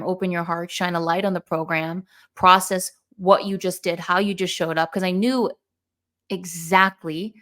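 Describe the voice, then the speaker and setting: Brief: woman with a lowish voice, candid and reflective, podcast storytelling. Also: fairly bright tone. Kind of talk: casual podcast conversation.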